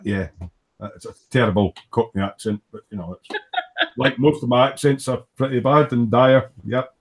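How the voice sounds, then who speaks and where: A man's voice: medium pitch, steady tone, normal speed. Male host of a casual hobby live stream, chatty, reading comments out. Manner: reads out viewer comments, chatty. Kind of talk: casual chat.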